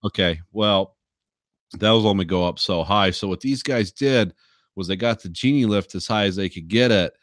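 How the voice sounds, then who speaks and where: A man's voice: lowish voice, normal speed, fairly bright tone, no room sound, clean studio sound. A man hosting a podcast, telling a story in casual, swearing chat and laughing often. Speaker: podcast host.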